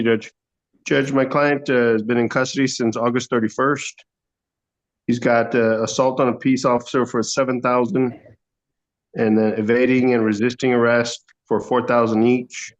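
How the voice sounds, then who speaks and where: A man arguing as court-appointed defense attorney in a courtroom, hesitant with many fillers and throat-clearing. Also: mid-range voice. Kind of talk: courtroom argument. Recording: dull lo-fi courtroom audio.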